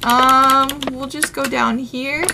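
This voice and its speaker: A woman doing excitable, easily spooked commentary while playing a horror game. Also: high voice, takes it slowly, creaky, heavy background noise. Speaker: gaming YouTuber.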